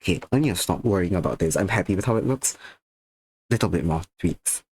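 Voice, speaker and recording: Sleepy low-voiced male art streamer. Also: expressive, fairly quick, a little mellow, husky. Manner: tired, drowsy and slightly slurred, chatting to viewers. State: a little sick and sleepy. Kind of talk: casual stream chat while drawing.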